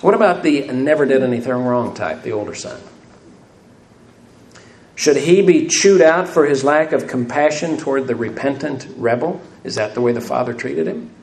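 A man's voice: medium pitch, normal speed, creaky, darkish tone. A man preaching a sermon, asking the congregation rhetorical questions and adding light self-deprecating humor. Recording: echoey room, faint room noise.

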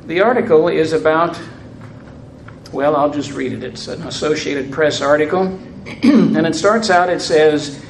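Older man, measured storyteller addressing a congregation, slightly high voice, roomy hall. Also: slight background noise. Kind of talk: storytelling talk with reading aloud.

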